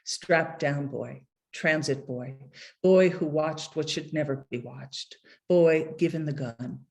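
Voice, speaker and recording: Woman poet, middle-aged; careful, measured poetry reading with hesitant asides. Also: sits low, creaky. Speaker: poet reading at her book launch.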